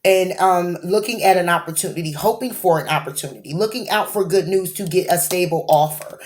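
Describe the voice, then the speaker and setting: A woman's voice: fairly low pitch, fairly quick. A woman giving a tarot reading to camera, rambling, rephrasing as she goes and checking in with a questioning "okay?". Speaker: tarot card reader.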